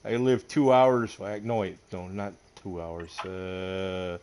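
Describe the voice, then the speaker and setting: A man's voice: sits low, steady tone, slow, darkish tone, slight background noise. A man from upstate New York hosting a casual gaming livestream, joking with his friends and greeting viewers. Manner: joking, laughing, talks to viewers. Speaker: livestream host.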